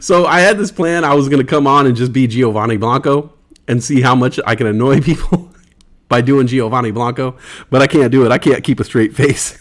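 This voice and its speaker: A man's voice: mid-range voice, fairly quick. A man hosting a casual livestream in a laid-back way, reading chat aloud and laughing easily. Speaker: livestream host.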